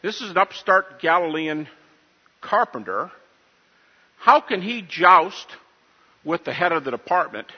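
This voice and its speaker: Animated, husky-voiced man lecturing in a hall. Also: sits high, unhurried, long pauses. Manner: animated, emphatic, asks the audience questions. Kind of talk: lecture on scripture to a live audience. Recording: dull audio in a reverberant hall.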